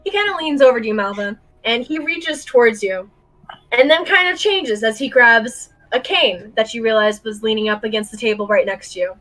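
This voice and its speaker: High, lively woman game master. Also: normal speed. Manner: giggly, describes actions with many fillers. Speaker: dungeon master. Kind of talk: narrating a tabletop game over a group call.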